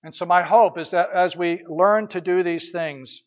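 Male pastor, high voice, conversational sermon with rhetorical questions, dull lo-fi recording. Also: unhurried. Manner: conversational storytelling, repeats words, rhetorical questions.

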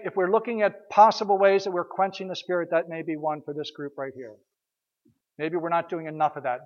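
Male pastor, high voice, conversational sermon with rhetorical questions, dull lo-fi recording. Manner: conversational storytelling, repeats words, rhetorical questions.

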